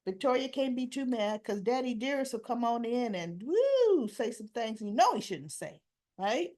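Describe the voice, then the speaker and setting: A woman hosting a casual soap opera recap, retelling scenes and acting out the characters' lines with lively emphasis. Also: a little high, moderate pace.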